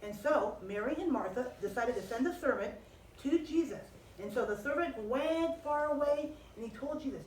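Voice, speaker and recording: A high-voiced woman telling children a story, animated and expressive, asking them questions as she goes. She is heard from a distance in an echoey room with a faint hum behind her. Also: normal speed. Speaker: children's Bible teacher.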